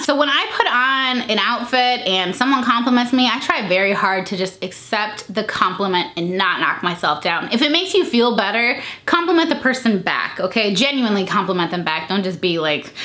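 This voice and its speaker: A young adult woman talking casually and openly in a vlog, chatty and animated, jumping into high voices when she quotes people. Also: normal speed. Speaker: vlogger. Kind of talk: casual confidence chat.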